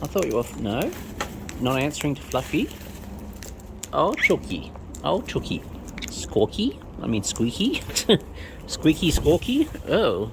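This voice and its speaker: Feeding wild birds outside while she films them, a woman sweet-talks them in a sing-song, baby-talk voice. She speaks low and unhurried, with big swings in pitch and frequent pauses, and the recording is noisy.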